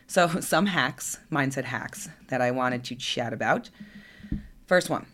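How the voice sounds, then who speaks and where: A woman's voice: rumbling low, expressive, takes it slowly, fairly bright tone, a little hiss or hum. Woman, podcast coach, casual solo talk, blunt, chatty, swears freely. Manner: says "right?" a lot. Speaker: fitness and nutrition coach.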